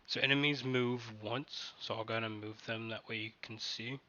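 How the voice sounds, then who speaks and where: A man running a tabletop game playtest as game master, narrating haltingly and often restarting his sentences. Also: medium pitch, steady tone, muffled recording, crowd noise.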